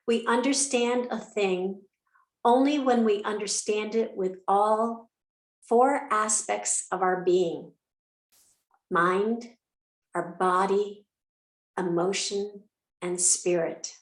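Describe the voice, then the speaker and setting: Woman yoga teacher, calm guided breathing, very slow delivery, echoey room. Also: mid-range voice. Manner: calm, unhurried, with soft pauses and fillers.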